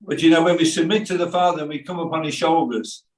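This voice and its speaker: Recorded from a distance in an echoey room, an older man from England preaches as pastor in Birmingham English. He talks fast in a fairly high, steady voice, telling stories with asides and quoted voices.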